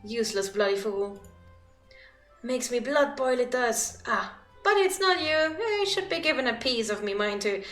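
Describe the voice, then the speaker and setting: A woman voicing a hot-tempered forest guard captain who rants in rough folksy speech while reading game dialogue aloud. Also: fairly high pitch, lively intonation, moderate pace, a bit bright, roomy sound, faint music behind. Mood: gruff.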